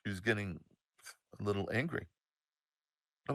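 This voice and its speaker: Man, 60s, animated emphatic storyteller, forceful tone, dry close mic. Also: medium pitch, no echo. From United States. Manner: animated, emphatic, swears, drawn-out pauses. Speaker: storyteller, show host. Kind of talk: casual personal storytelling.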